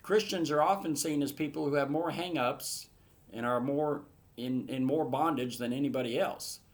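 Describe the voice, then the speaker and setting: An earnest man teaching through a Bible passage verse by verse. His voice sits in an ordinary middle pitch, and he builds to emphatic, passionate bursts before settling back to steady explanation. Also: normal speed.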